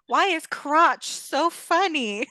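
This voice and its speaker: A giggly woman co-hosting a casual fan-fiction book chat, her voice sitting a little high. She laughs through many lines. The sound is dry and close, with no room around it. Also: expressive, very slow, pushed and bright, no room sound. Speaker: podcast co-host.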